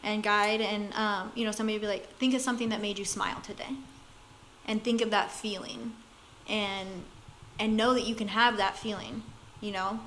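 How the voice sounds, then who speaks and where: A woman's voice: medium pitch, normal speed, a little hiss or hum, poor audio. A woman guest in casual chat, talking reflectively with many fillers. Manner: reflective, talks about staying calm, with fillers.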